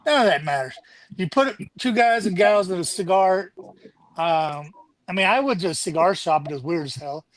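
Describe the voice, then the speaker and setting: A man's voice: sits high, animated, moderate pace, no echo, rough recording. A middle-aged man, a charity founder and Army veteran, talking candidly and swearing now and then as a guest on a casual show. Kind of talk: casual chat.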